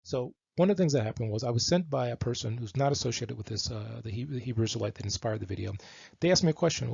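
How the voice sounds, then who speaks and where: A man with a gravelly, husky voice talks through slides in a lecture, stopping often on fillers and restarting his sentences. The sound is dry and a little dull, like a lo-fi home recording. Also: mid-range voice, fast talker, a little mellow, dry recording. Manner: explains with many fillers and restarts. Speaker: teacher of Hebrew texts. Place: lives in Israel.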